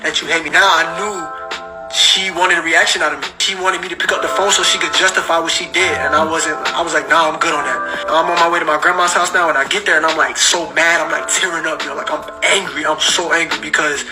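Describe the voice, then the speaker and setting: A man's voice: a little high, quick pace, over music. A man casually telling a personal story in slangy speech and acting out the dialogue. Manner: slangy, animated, acts out the dialogue.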